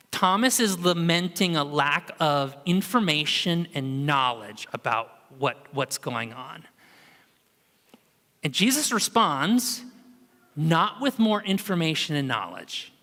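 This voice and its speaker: A man's voice: fairly high pitch, a little slow. A man preaching a sermon in a church, in a casual, conversational storytelling manner. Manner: conversational, animated storytelling with acted quotes. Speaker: pastor. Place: church sanctuary. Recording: long hall reverb.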